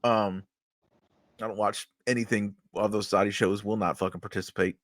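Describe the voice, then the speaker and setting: A man's voice: lowish voice, steady tone, moderate pace, dry recording, clean studio sound. A man co-hosting a wrestling podcast, talking casually and analytically, with profanity and ums. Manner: laid-back analytical, profane, with filler ums. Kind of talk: casual chat.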